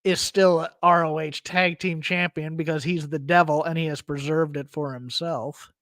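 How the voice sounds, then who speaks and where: A man co-hosting a podcast, opinionated and quick to cut in with his own take. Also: a little high, fairly even intonation, fairly bright tone, no room sound, studio quality. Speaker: podcast co-host. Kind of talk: casual wrestling commentary.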